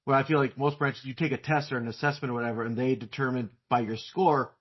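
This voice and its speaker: A man hosting an interview podcast, asking curious questions in a casual way with quick bursts of speech. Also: steady tone, slightly rough. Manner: curious, asks with rising pitch and quick bursts. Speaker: podcast host, therapist. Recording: dull lo-fi audio.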